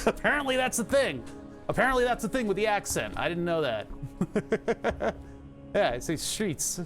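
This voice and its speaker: A man's voice: high voice, big pitch swings, a little fast, a bit bright, faint music behind. A man with a Philadelphia accent, streaming live and chatting casually, rambling, laughing often and swearing now and then.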